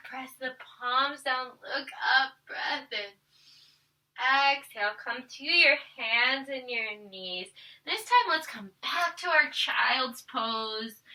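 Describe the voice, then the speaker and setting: Bright-voiced, high yoga teacher woman. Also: recorded from a distance, rough recording. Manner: playful, encouraging, counts poses aloud. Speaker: yoga instructor. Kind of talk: guided family yoga class.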